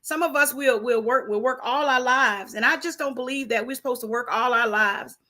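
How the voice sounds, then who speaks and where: High-pitched woman with a forceful edge; emphatic, faith-driven conversational speaker. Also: a little fast. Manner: emphatic, preachy, repeats rhetorical questions. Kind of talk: casual faith-based conversation.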